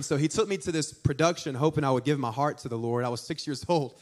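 A young man preaching a sermon, telling stories in an animated, joking way with asides to the congregation. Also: on the high side, quick pace. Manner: animated, jokey storytelling with audience asides. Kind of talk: storytelling sermon.

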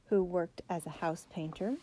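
A woman narrating a children's biography storybook, reading the characters' lines with raised pitch and emphasis. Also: moderate pace, dark tone. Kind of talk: storybook read-aloud.

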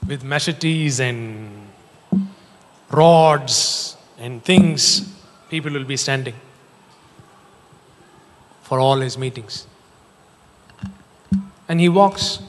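A man preaching a sermon, telling stories in an animated, joking way. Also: medium pitch, drawn-out words, pauses often. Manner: animated storytelling, jokes and laughs. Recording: long hall reverb.

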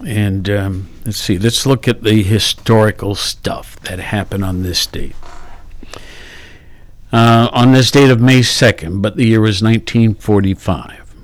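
A man's voice: on the low side, no echo. A man hosting a morning radio talk show, chatting casually with many fillers and self-corrections. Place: radio studio. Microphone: studio microphone.

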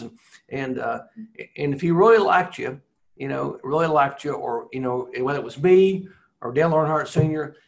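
A man who was a racing broadcaster, telling rambling, animated anecdotes in a casual interview. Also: fairly high pitch.

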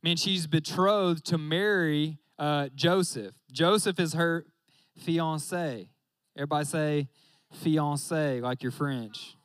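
A young man gives a casual, joking sermon in a high, light voice. He keeps turning to his listeners and talking straight at them. The sound is close and dry, with no room echo. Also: measured pace, hardly any pauses, fairly bright tone. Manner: joking, talks straight to the audience with "y'all".

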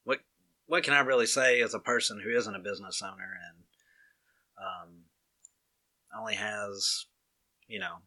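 A young man with a thick Alabama Southern accent talks casually in a bright, forward tone. He wanders through his points with fillers and false starts, animated when telling a story. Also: on the low side, normal speed, long pauses. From Walker County area, Alabama. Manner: rambling, many restarts and fillers, animated storytelling. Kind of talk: casual chat.

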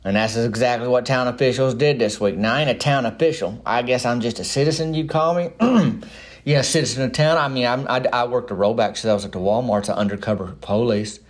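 Folksy man rambling deadpan. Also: mid-range voice, brisk. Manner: rambling, folksy, drawling, with slangy grammar. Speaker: comic small-town news narrator. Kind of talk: deadpan comic monologue.

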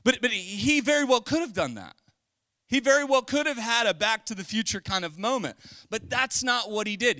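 A man's voice: sits high, sing-song, normal speed, pushed and bright, no room sound. A middle-aged man preaching a casual, joking sermon in a church, talking conversationally and rising into bursts of emphasis. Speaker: pastor. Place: church sanctuary.

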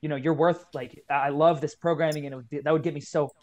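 Fast-talking young man, earnest and heartfelt. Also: a little high, fairly even intonation, darkish tone. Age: 20s. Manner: earnest, heartfelt storytelling, many "like" fillers. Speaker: guest, kettlebell coach. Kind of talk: casual podcast conversation.

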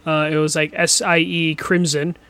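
A man's voice: a little high, flat delivery, normal speed, a bit bright, no room sound. Man co-hosting a casual gaming podcast. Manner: laughs often, blunt and profane. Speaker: podcast co-host. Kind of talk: casual chat.

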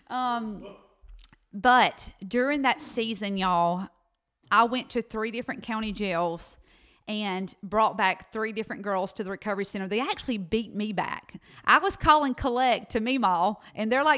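A woman's voice: mid-range voice, moderate pace, fairly bright tone, clean tone. A woman in her thirties with a Southern US accent, co-hosting a podcast and telling her faith testimony in a chatty way that addresses listeners as y'all. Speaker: podcast co-host. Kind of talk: personal faith testimony storytelling.

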